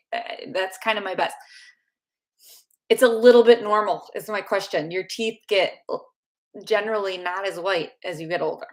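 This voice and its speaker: A woman chats through a live question-and-answer stream about teeth. Her delivery is bubbly and loose, full of little asides. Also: mid-range voice. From United States. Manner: chatty and bubbly, with frequent laughs and fillers. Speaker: dental YouTuber answering viewer questions. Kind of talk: live Q&A chat.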